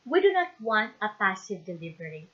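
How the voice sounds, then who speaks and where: A woman's voice: medium pitch, very animated, fairly quick, muffled recording. A woman teacher with a Filipino accent, giving an instructional lecture and checking in often with the listeners. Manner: emphatic, repeats "okay?" to check understanding.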